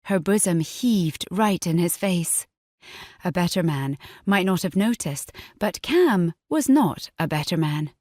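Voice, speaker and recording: A woman narrating an audiobook in a measured, even reading. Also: on the low side, dry recording, clean studio sound. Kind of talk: scripted narration. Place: recording studio. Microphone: close studio mic.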